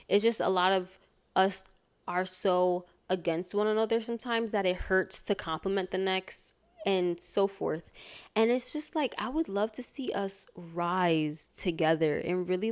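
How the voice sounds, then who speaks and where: Woman, vlogger, from Connecticut, earnest, casual monologue, rambling, many fillers. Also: medium pitch. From Hartford, Connecticut, USA. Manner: earnest, rambling, heavy use of "like" and restarts.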